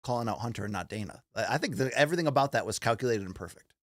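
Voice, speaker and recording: A man's voice: mid-range voice, expressive, racing, no room sound. A man hosting a sports talk show in a studio, joking and teasing his co-host while steering the topics. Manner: joking, teasing, runs the rundown. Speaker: podcast co-host.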